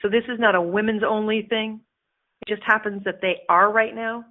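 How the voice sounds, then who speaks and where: A woman hosting a motivational radio show as a life coach, blunt and animated, swearing and laughing as she talks. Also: medium pitch, moderate pace. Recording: phone-like narrow band audio.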